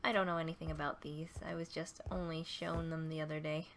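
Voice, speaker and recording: A woman's voice: deep voice, little pitch movement, brisk. A woman giving casual, playful commentary while playing a game and chatting to the animals on screen. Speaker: gaming video creator. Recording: noisy home recording.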